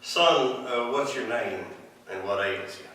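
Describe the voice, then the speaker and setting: A man's voice: medium pitch, slow pace, bright, forceful tone, slight background noise. A man voicing a showy male tent-revival faith healer with a Southern US accent, preachy and commanding, in an echoey hall far from the mic.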